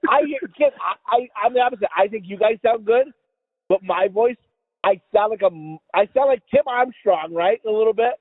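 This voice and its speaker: A man's voice: high voice, no room sound. Stuffy, mumbling man in his forties. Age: 40s. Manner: laughs often, swears freely. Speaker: podcast co-host. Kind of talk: casual chat. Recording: tinny phone-like call audio.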